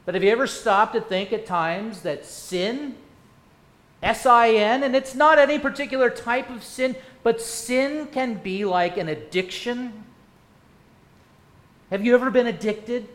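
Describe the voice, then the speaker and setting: A male pastor preaching a sermon, firing rhetorical questions and swinging from loud to hushed. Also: extremely high pitch, unhurried. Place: church sanctuary. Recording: echoey church room.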